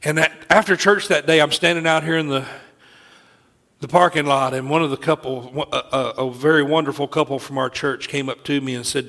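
Middle-aged guy preaching, gravelly voice a bit on the high side, earnest, keeps restarting lines. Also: steady tone, moderate pace, a bit bright. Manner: earnest storytelling with frequent restarts. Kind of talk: sermon with personal story.

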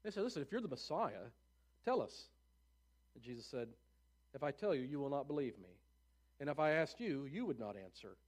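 A man's voice: mid-range voice, a little mellow. A man preaching, reading scripture aloud and breaking in with casual, offhand comments.

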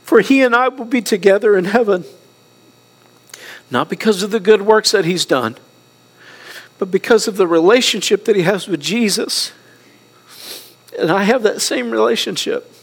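A middle-aged man preaching a sermon as pastor, earnest and emotional, close to tears, swinging between soft passages and raised ones. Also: high voice.

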